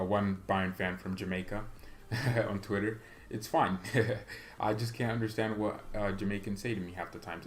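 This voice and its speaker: His voice is mid-range and a bit bright as this young man runs a fan-channel livestream. He chats in a rambling manner, reading out the chat, tripping over words, and laughing a lot.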